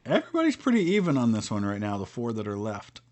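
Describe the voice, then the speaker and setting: Middle-aged Midwestern American man, game streamer, rambling, low-pitched. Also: huge pitch swings, fast, a little mellow, slight background noise. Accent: General American Midwestern. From Northeast Ohio, US. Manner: chatty, rambling, with frequent ums and restarts. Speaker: streamer playing a strategy board game with viewers. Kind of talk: casual live-stream chat.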